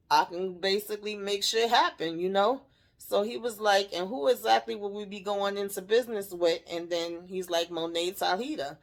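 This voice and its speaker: A woman's voice: medium pitch, steady tone, moderate pace, gravelly. A woman casually recapping a TV episode, retelling scenes in her own words and acting out the characters' lines with laughs and swearing. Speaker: TV recap host.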